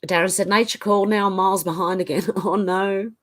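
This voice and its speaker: A woman's voice: medium pitch, steady tone, a little fast. Aussie lady reading out her live chat, bit of a flu cough, chatty, middle-aged. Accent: Australian. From Australia. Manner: reads viewer comments aloud and reacts, chatty with fillers. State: getting over the flu, coughing. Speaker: live stream host.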